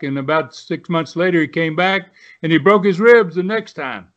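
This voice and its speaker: An older man in his seventies tells long stories at a loose, rambling pace, full of uh and you know. His voice sits a little high, and the audio sounds dull and lo-fi, like a remote connection. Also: moderate pace. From Southern United States. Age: 70s. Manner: rambling storyteller with many fillers. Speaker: guest, retired pro wrestler. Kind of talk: storytelling interview.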